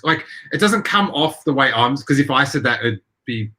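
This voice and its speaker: Bright-voiced man, rambling podcast host. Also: mid-range voice, expressive. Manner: rambling, halting, many restarts. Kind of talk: casual chat.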